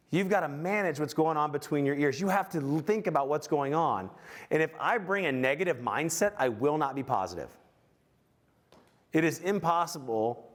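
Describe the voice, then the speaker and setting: Man, keynote speaker, lively swooping pitch, slightly high voice, storytelling, quizzes the crowd. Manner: animated storytelling with audience questions; self-mocking, acts out his own anger. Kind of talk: motivational keynote talk.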